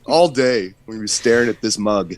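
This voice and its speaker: A man co-hosting a livestream, playful and joking with mock-dramatic pauses. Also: lowish voice, lively intonation, dry recording. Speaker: livestream co-host. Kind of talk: casual livestream commentary.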